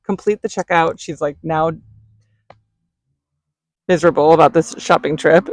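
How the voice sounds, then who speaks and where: A woman vlogger and mother telling a story in a chatty, animated way. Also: deep voice, normal speed, no echo. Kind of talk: casual storytelling.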